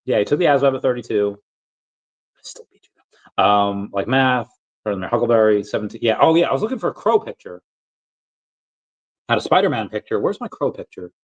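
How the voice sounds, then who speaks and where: Casual male streamer, thirties, rambling storyteller who acts out voices, mid-pitched, slightly muffled sound. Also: fast talker. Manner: rambling, animated anecdotes, acts out quotes, frequent fillers.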